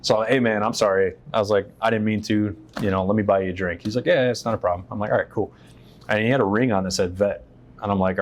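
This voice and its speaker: A man with a fairly low voice tells personal stories as an interview guest, candid and casual. He swears freely and jumps into the voices of the people he quotes. He was recorded on a stage inside a shop. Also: fast talker.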